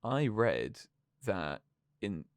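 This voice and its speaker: A young man chats casually on a podcast, rambling through self-mocking stories. His voice is low but very lively in pitch, and the sound is dry and close. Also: very slow, no room sound. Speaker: podcast co-host. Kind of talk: casual chat.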